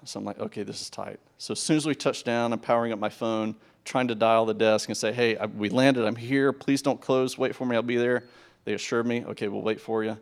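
A man's voice: fairly low pitch, vocal fry. A young man preaching, telling a personal story in a conversational way, with false starts and acted-out dialogue. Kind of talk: sermon storytelling.

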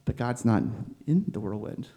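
A man's voice: mid-range voice, normal speed. Conversational male preacher. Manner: conversational, animated, with filler words. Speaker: pastor. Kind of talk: sermon.

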